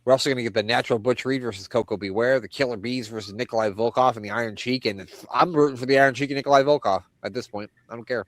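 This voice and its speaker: Loose, laughing podcast host, dry close sound. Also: male voice, medium pitch, steady tone, rapid-fire, hardly any pauses, no echo. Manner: loose, profane, laughs often. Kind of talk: casual chat.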